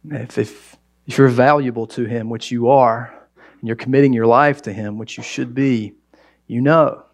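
A man preaching a sermon as pastor, talking to the church in a conversational way that jumps between loud exclamations and quiet asides. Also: medium pitch, gravelly.

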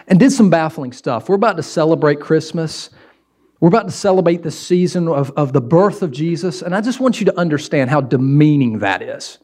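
A middle-aged male pastor preaching a sermon in an animated way, acting out scenes as he goes. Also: a little high.

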